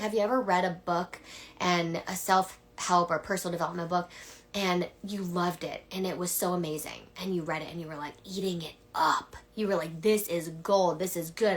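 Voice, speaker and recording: Woman, young adult, coach, slightly low pitch, earnest, breathy whispers, casual swearing. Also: fairly bright tone. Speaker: coach and mentor. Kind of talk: casual live-stream pitch.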